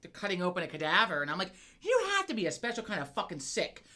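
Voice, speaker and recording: Brief: animated woman co-host, lively pitch, salty, quick storyteller. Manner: profane, animated storytelling with laughs. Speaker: podcast co-host. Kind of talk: casual chat.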